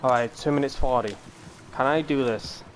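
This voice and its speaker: A man's voice: medium pitch, moderate pace, slight background noise. Rambling young British man streaming. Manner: rambling, chatty, talks to viewers while playing. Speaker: game streamer. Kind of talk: casual live-stream chat.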